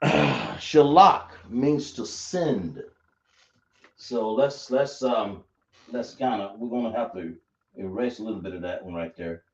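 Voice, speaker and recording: Slow-talking man teaching in an echoey room. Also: on the low side, gravelly. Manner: slow, repetitive explaining, checking the class often. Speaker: class teacher. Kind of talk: live classroom teaching. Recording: echoey room, dull lo-fi sound.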